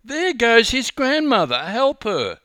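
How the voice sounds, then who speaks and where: An older man voicing a fussy, alarmed elderly woman tourist who gives orders in a shrill voice. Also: wildly swooping pitch, slow, pushed and bright, dry recording, full character voice. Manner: shrill, bossy.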